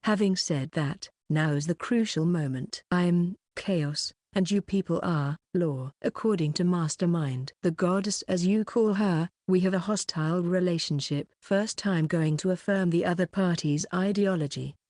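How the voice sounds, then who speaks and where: A woman reading an audiobook in a steady, measured way. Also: fairly low pitch, no echo, clean studio sound. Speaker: audiobook narrator. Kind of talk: scripted audiobook narration.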